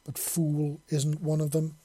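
A man voicing a gruff, stern old fisherman in a science-fiction audiobook, boastful and fond of calling people lassie. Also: fairly high pitch, normal speed, mellow, slight background noise, close to an everyday voice.

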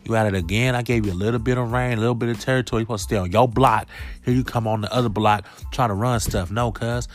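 A man's voice: lowish voice, steady tone, fast, soft background music, natural voice. A man voicing God as an unbothered male street boss who scolds with laid-back authority. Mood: scolding.

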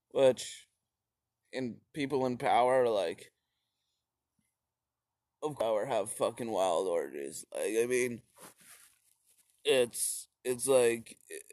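Slow, profane, rambling young man. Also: mid-range voice, darkish tone, no echo, studio quality. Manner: rambling and profane, with slips and restarts. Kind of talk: casual comedic history rant.

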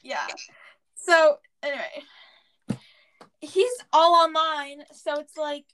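A woman's voice: high-pitched, slow, pauses often, sharp tone. A teenage girl co-hosting a podcast in casual chat, joking and sarcastic. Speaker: podcast co-host.

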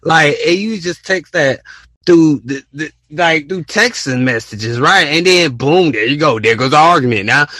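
A man's voice: fairly high pitch, lively intonation, moderate pace, pushed and bright, dry recording. A young man hosting a casual solo podcast, rambling and repeating himself as he acts out text conversations. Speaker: podcast host.

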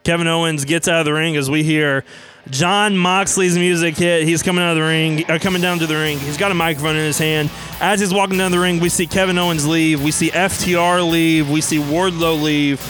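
Brisk man narrating wrestling play-by-play. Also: on the high side, fairly even intonation, fairly bright tone, faint music behind. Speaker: storyteller.

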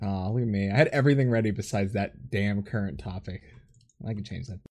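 A man's voice: on the low side, fairly quick, darkish tone. A young man hosting a podcast in casual chat, joking and laughing often. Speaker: podcast host.

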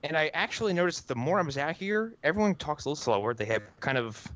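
A man from New Jersey co-hosting a casual podcast chat, fast-talking and jokey. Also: fairly high pitch, sing-song, a bit bright, no room sound, highs cut off. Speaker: podcast co-host.

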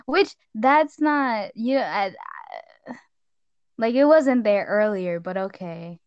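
A teenage girl casually chatting as she reviews a film, lively and full of retellings. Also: slow, smooth, no room sound, muffled recording. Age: teens. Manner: animated, acts out scenes in squeaky voices. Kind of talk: casual chat.

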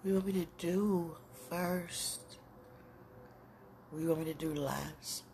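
A woman's voice: on the low side, steady tone, a little slow, darkish tone, slight background noise. A woman podcaster talking in a casual, intimate monologue that rambles and often turns to prayer.

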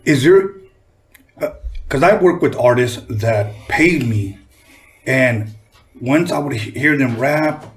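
A man's voice: mid-range voice, animated, slow pace, pauses often. A man hosting a casual interview who talks in a blunt, profane, chatty way. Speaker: interview host. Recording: voice set back from the mic.

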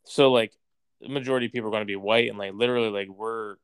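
A man's voice: on the low side, steady tone, rapid-fire, clear, resonant tone, dry recording. A young man telling a story in casual conversation, rambling and using "like" constantly. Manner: rambling, heavy use of "like".

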